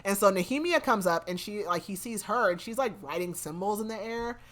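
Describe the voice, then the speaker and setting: A woman's voice: medium pitch, expressive, brisk. A woman hosting a podcast, casually recapping a story in a rambling way full of "like". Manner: rambling, fills speech with "like". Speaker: podcast host.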